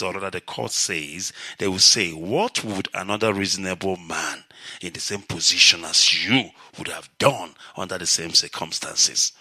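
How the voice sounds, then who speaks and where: A middle-aged man from Nigeria hosting a call-in radio show, speaking in a measured, lecturing way and explaining through analogies. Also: deep voice, pushed and bright, no echo. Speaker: radio host.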